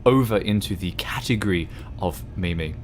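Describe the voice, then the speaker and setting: A man's voice: low-pitched, moderate pace, noisy background. A young man chatting with his livestream viewers while playing a game, rambling and often restarting his sentences. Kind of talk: casual chat with livestream viewers while gaming.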